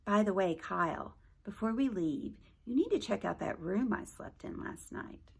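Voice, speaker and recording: A woman voicing a chatty, excited teenage girl who shares news with eager energy. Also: medium pitch, normal speed, gravelly, breathy edge.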